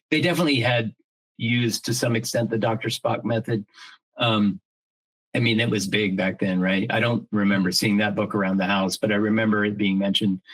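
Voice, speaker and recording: On a rough recording, a middle-aged podcast co-host with a lowish, slightly bright voice chats casually. He's earnest and reflective, thinking aloud with frequent restarts and the occasional casual swear.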